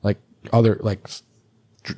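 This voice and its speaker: A man's voice: normal speed, warm tone, no echo, studio quality. A man co-hosting a casual podcast who swears freely and explains things in a rambling way. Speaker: podcast co-host.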